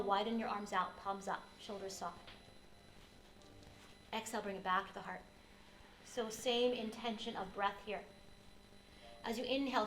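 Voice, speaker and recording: Woman, yoga teacher, gentle unhurried cues, echoey studio, faint room hum. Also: medium pitch. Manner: gentle, unhurried cueing of breath and posture. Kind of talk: guided yoga class instruction.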